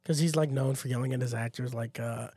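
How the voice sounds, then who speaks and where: A young man co-hosting a casual comedy podcast, telling a story with lively put-on voices. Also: mid-range voice, fast, breathy edge, no room sound, clean studio sound. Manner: animated storyteller, puts on silly voices. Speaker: podcast co-host.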